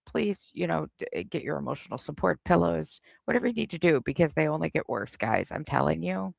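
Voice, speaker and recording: A woman's voice: low-pitched, lively intonation, a little fast, vocal fry, no room sound. A woman hosting a live reaction stream, giving sarcastic, snarky commentary.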